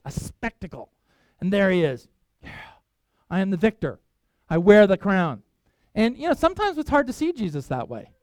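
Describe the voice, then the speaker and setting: A man's voice: high-pitched, darkish tone, no room sound. A middle-aged man, a pastor preaching a conversational sermon, acting out quoted voices and restarting sentences as he goes.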